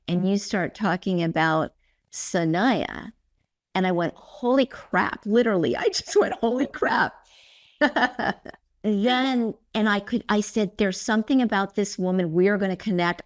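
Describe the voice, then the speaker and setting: Hosting a relaxed conversational interview on her podcast, a woman tells stories with effusive warmth, performing her past remarks and inner monologue. She speaks a little slowly in a mid-range voice.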